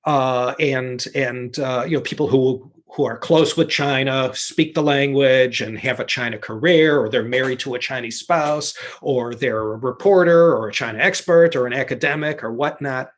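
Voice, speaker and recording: A man's voice: medium pitch, a little slow. A man in his sixties from the United States, talking casually as an interview guest, rambling with many restarts and fillers. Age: 60s. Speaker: guest expert.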